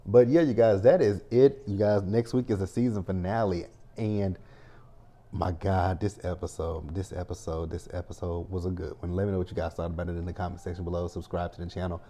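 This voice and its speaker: A man talks through a show recap in a casual, rambling vlog style. His voice sits low and mellow, and he keeps turning to the viewers to address them directly. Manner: chatty, repeats "you guys" a lot; tells personal stories with many restarts. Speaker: TV recap host.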